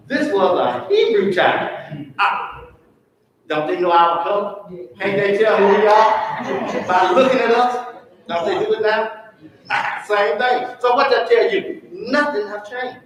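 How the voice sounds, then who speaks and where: A man teaching a Sunday school lesson, quizzing the class with questions. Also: very high-pitched. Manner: call-and-response questioning. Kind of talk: church Bible lesson. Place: church. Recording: echoey church room, from far off.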